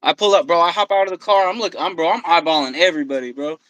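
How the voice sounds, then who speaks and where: A man telling a story on a podcast, swearing freely and quoting himself and others in an animated way. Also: on the high side, fast talker, no echo, low-quality recording. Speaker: podcast guest. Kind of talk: casual storytelling. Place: podcast studio.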